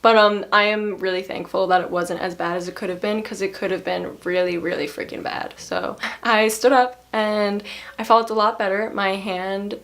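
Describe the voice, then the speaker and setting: A woman's voice: steady tone, moderate pace, a bit bright. Young woman telling a storytime on her vlog, chatty, laughs a lot, does little voices for people. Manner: chatty, laughing, acts out other people's lines in higher voices. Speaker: vlogger. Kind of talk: casual storytime.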